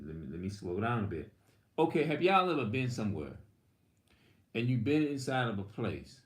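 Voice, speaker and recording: A man's voice: mid-range voice, sing-song, a little fast, roomy sound. A man preaching in a rambling, heated, profane monologue. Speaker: religious video host.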